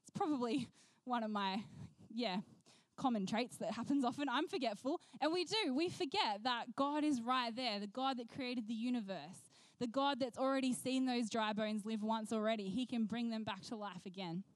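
A woman preaching a sermon, telling a personal story in an animated way and acting out the voices she quotes. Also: fairly high pitch, normal speed, no room sound.

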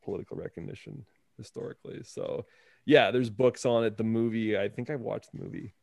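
A man's voice: medium pitch, fairly even intonation, brisk, creaky, a little mellow, dry recording. A man hosting a casual chat, laid-back, asking questions and laughing often.

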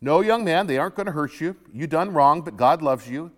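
A preacher putting on a stern, loving old grandmother, raised high in pitch. She talks in a folksy, firm way, scolding with conviction. Long reverb trails every word. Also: lively intonation, a little fast. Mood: tender. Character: feisty elderly Christian grandmother, stern but loving.

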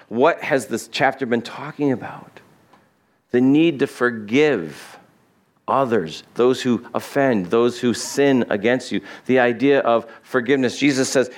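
A male pastor preaching an expository sermon in a conversational way, asking his listeners questions and acting out the quoted lines. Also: unhurried. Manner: acts out quoted lines with shifts in pitch and pace.

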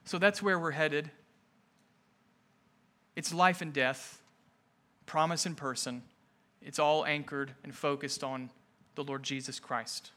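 A male pastor delivers a sermon in a high, bright voice. He speaks slowly and deliberately, leaning hard on repeated phrases and climbing to forceful, emphatic moments. His tone stays earnest and intent throughout. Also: steady tone. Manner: emphatic, building to raised intensity.

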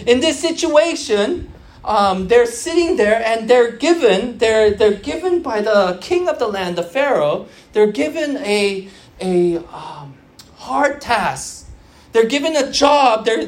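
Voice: mid-range voice, lively intonation, takes it slowly. A preacher of Korean background giving an earnest sermon to young churchgoers, repeating phrases for emphasis and restarting often with fillers.

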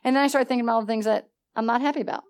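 Woman, Bible study teacher, bright higher voice, lively, laughs easily, acts out dialogue. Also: racing. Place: church meeting room.

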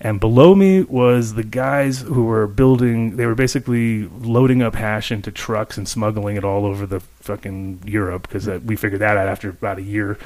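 A man in casual podcast chat, telling an animated story with plenty of swearing and laughter mid-sentence. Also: fairly low pitch, moderate pace, few pauses.

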